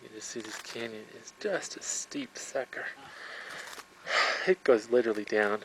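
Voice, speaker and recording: Out of breath on a high mountain trail, a hiker filming the trip chats admiringly to his home video camera in a lowish voice, moving at a moderate pace and pausing often. Loud wind roars across the home camcorder tape, recorded through the camera's built-in mic.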